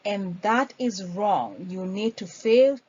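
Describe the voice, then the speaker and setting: A woman's voice: mid-range voice, animated, slow pace, darkish tone. Woman teaching customer service basics. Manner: explains patiently, acts out sample phone greetings. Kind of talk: instructional lecture. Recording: dull lo-fi recording.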